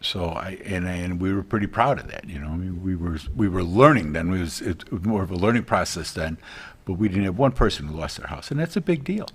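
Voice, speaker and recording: Earnest, rambling man with a lowish voice. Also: lively intonation, fairly quick, breathy edge. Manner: rambling, earnest, many restarts. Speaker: realtor guest. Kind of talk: casual TV interview chat.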